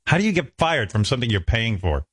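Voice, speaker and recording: A man's voice: mid-range voice, big pitch swings, fast, a bit bright, slightly rough, no room sound, studio quality. A man telling stories from his own life in a casual, self-mocking way, acting out other people's lines. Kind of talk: casual storytelling chat.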